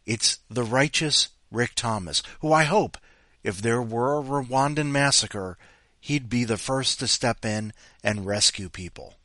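A man's voice: mid-range voice, a little slow, sharp tone, dry recording. A man hosting a storytelling podcast, rambling casually between stories and swearing freely. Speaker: podcast host.

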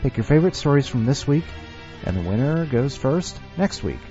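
A man hosts a story podcast, reading tales aloud and rambling jokingly in between. His mid-range voice is warm and very animated at a normal speed, captured in a dull lo-fi recording with faint music underneath.

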